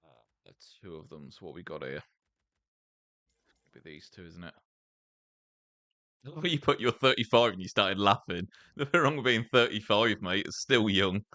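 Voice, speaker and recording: A man's voice: fairly low pitch, lively intonation, moderate pace, pauses often, sharp tone, no echo. A young man with an English accent chatting casually while streaming gameplay, laughing often and saying "mate" and "like" a lot. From England. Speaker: gaming streamer.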